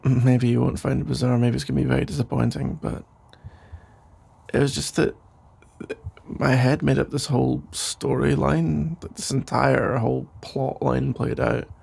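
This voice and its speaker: A man voicing a caring boyfriend who rambles playfully in a soft sleepy voice, in a whispered role-play. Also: medium pitch, level tone, moderate pace, gravelly, husky. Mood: teasing. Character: caring, rambling boyfriend putting partner to bed. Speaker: ASMR role-play creator.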